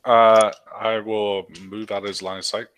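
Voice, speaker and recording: A man's voice: fairly low pitch, level tone, normal speed, a bit bright, clear, resonant tone. A man playing a tabletop game, hesitantly reading out his dice numbers. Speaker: player. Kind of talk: casual tabletop game talk.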